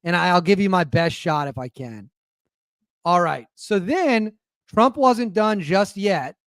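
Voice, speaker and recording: This podcast host has a high, animated voice with a fairly bright tone and a measured pace. On his own show he offers rambling, sarcastic, casual remarks and keeps interrupting himself mid-sentence, all in clean studio sound with no room sound.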